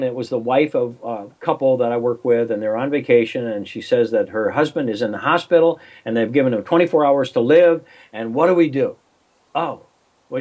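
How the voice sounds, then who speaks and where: A man's voice: mid-range voice, darkish tone. An older man, a coach and interview guest, telling a story over a remote call in a rambling way, with many restarts and acted-out phone voices.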